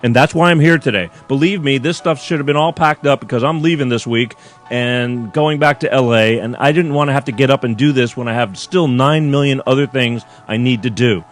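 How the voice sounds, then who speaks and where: A man's voice: medium pitch, a little fast. A man hosting a live call-in show, complaining in an exasperated, rambling, profane way to his viewers. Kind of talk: live-streamed rant to viewers. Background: faint chill music.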